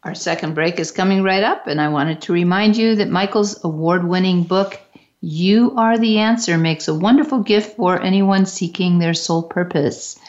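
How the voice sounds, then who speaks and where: A woman co-hosting a talk radio show, reading a scripted announcement in a smooth, even way. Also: on the low side, moderate pace. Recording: dull lo-fi radio audio.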